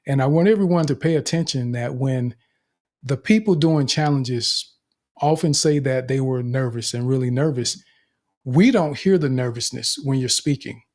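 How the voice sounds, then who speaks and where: A man's voice: mid-range voice, a little mellow. Guy running a speaking group online, upbeat and encouraging. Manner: upbeat, encouraging, gives numbered tips. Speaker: host and speaking coach. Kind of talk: group coaching session.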